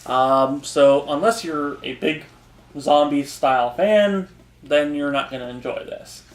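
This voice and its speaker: A man's voice: a little high, measured pace. A man co-hosting a podcast, chatting casually about comics in an easygoing way and chuckling often. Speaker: podcast co-host. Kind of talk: casual comic review chat. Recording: roomy echo.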